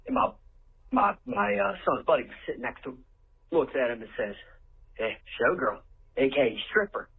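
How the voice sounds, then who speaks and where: A man's voice: medium pitch, very animated, normal speed, creaky, pauses often, husky. A man leaving a profane, storytelling voicemail for a podcast, laughing at his own tale. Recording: tinny phone-line voicemail.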